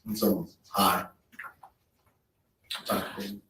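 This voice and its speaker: A man on the witness stand reading text messages aloud in a slow, measured way. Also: low voice, little pitch movement, pushed and bright. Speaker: trial witness. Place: courtroom. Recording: echoey courtroom feed, distant mic.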